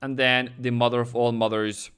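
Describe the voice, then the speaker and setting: A man's voice: medium pitch, little pitch movement, normal speed, fairly bright tone, clean tone. A young man with a non-native English delivery, hosting a live forex market analysis and talking viewers through charts with many fillers and self-corrections. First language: Norwegian. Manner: talks directly to viewers, thanks subscribers. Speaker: forex trading host.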